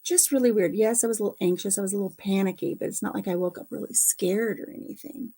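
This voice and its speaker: Middle-aged woman vlogger, relaxed chatty storyteller, casual and unscripted. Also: mid-range voice, quick pace, vocal fry. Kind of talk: casual chat.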